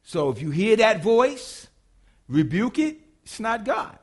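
A high-pitched man preaches with lively, playful energy, slipping into little acted-out voices for the people in his stories. His delivery is colloquial and humorous, with quick asides to his listeners. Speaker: pastor. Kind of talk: sermon.

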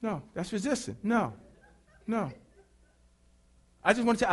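A pastor preaching with call-and-response, animated and bursting into shouts. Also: male voice, high voice, brisk, pauses often. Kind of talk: sermon.

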